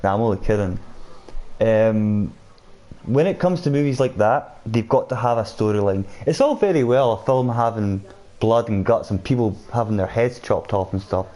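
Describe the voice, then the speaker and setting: A man's voice: on the low side, animated, normal speed, warm tone. A man casually chatting with viewers while streaming a game, reading out their comments as he plays. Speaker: gaming streamer. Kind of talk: casual live-stream chat.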